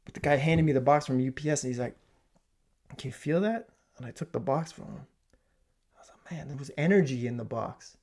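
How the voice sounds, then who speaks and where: Gravelly-voiced man, mid-pitch, comedic rant, loud bursts and hushed asides. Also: fast. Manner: animated storytelling, swinging from loud exclamations to hushed asides. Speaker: comedic ranter. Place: home basement.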